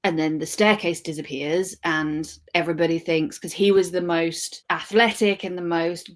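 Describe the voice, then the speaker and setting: A woman's voice: on the low side, fairly even intonation, moderate pace. A woman in her thirties chatting casually and enthusiastically about books she has read, often correcting herself mid-sentence. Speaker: podcast co-host. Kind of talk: casual book chat.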